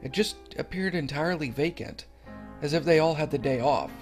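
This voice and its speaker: A man's voice: on the high side, a little fast, faint music behind. A man narrating a creepy horror story in an earnest, slightly stumbling reading.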